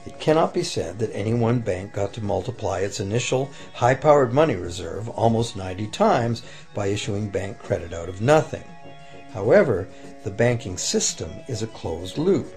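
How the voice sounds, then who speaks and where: A man giving a calm, explanatory scripted narration for a documentary. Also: on the low side, gravelly. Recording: voice-over with faint music behind.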